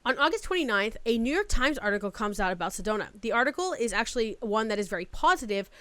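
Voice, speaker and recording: Woman narrating commentary, crisp and dry. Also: fairly high pitch, sing-song, fast, a bit bright, no echo. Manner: casual, summarizing with fillers like "like". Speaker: commentary video host.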